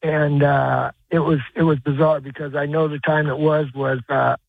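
A man calling in to a radio show, telling a personal story in a halting, rambling way with lots of restarts. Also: a little high, level tone, creaky, no room sound. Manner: rambling, halting, many uh's and restarts, earnest. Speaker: caller. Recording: tinny phone line.

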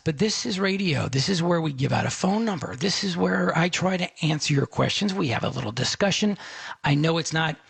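A man's voice: a little high, vocal fry, a bit bright, husky, no room sound. A middle-aged man hosting a talk radio tech show, chatty and conversational, speaking to listeners as a friend.

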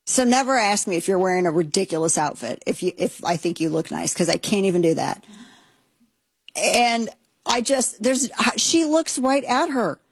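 A woman's voice: mid-range voice, expressive, moderate pace, husky, dry recording. A woman hosting a talk show, giving indignant, sarcastic commentary with plenty of emphasis. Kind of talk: opinionated commentary.

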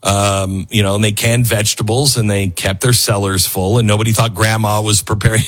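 Middle-aged male talk radio host, husky voice, swings widely in pitch, rambling monologue. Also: moderate pace. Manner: rambling, animated, mocks with put-on voices. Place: radio studio.

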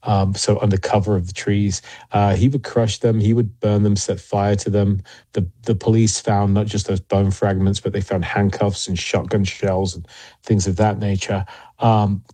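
A man as an interview guest, telling investigation stories in a measured way with frequent pauses and fillers. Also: on the low side, little pitch movement, mellow, breathy edge, dry recording. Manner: measured, many fillers and restarts. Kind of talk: interview storytelling.

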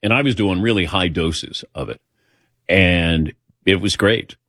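Low-voiced man telling a rambling story. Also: a little slow, a bit bright, no echo, clean studio sound. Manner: rambling, anecdotal, acts out quoted dialogue. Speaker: show host telling a personal story. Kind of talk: casual talk-show storytelling.

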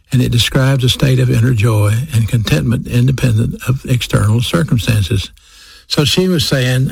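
A man's voice: medium pitch, gravelly, a little mellow, slightly rough, no echo. A man preaching a sermon, speaking straight to his listeners and repeating key phrases for emphasis. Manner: addresses listeners directly.

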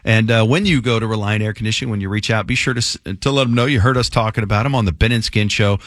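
Upbeat morning radio host. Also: male voice, fairly low pitch, quick pace, fairly bright tone, no echo, clean studio sound. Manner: upbeat, enthusiastic, reading ads. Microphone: studio mic.

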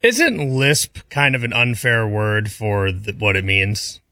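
Male radio crew member, bright, forward tone, dry room. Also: fairly low pitch, big pitch swings, takes it slowly, dry recording. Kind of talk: casual studio banter.

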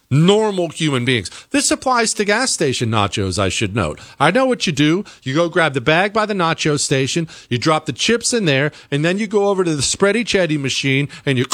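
A man's voice: medium pitch, sing-song, moderate pace, a bit bright, no room sound. A man hosting a talk show, delivering an exasperated comedic rant with mock quotes. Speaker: show host.

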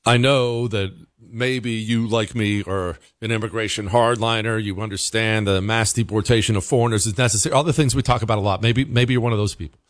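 A man's voice: fairly low pitch, fairly even intonation, a little fast, few pauses, no echo, clean studio sound. A male host giving casual, emphatic commentary, with stammered restarts.

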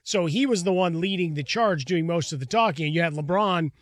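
A man's voice: on the high side, a little fast, no echo. A man co-hosting a sports talk show in the studio, chatting casually with wry asides.

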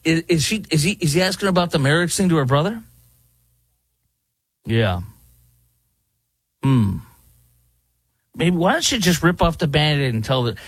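A man's voice: a little high, sing-song, moderate pace, pauses often, husky, dry recording. A man guest-hosting a political talk radio show, mocking and joking in loose commentary.

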